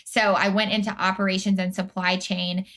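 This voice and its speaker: A woman's voice: mid-range voice, little pitch movement, normal speed, fairly bright tone. A young adult woman from Atlanta, talking as an interview guest in an upbeat, chatty way full of fillers. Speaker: guest, career strategist. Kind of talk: casual interview chat.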